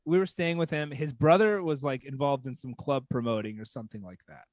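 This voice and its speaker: A man from small-town Texas telling a casual story as a podcast guest, animated and full of "like". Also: mid-range voice, fairly quick, no room sound, studio quality. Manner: animated, heavy use of "like".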